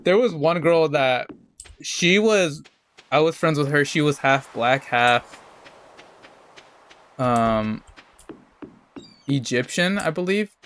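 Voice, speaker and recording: A man's voice: a little high, animated, slow, pauses often, fairly bright tone. A young adult man streaming a game, telling a rambling, profane story in a casual, laid-back way. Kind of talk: casual storytelling while gaming.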